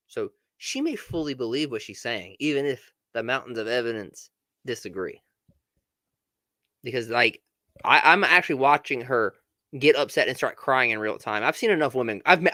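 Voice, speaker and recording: A man's voice: medium pitch, pushed and bright, no echo. A man giving reaction commentary in a blunt, casual way, stumbling over restarts. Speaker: commentary host.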